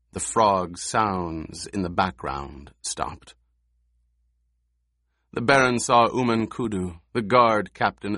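A man narrating a novel in a measured, expressive audiobook style on a close mic. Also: lowish voice, no echo.

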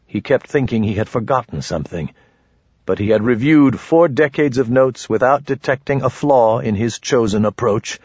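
A man narrating a fantasy story in a measured, even reading. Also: mid-range voice, slightly rough, no room sound. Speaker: audiobook narrator. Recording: dry, dull close-mic audio.

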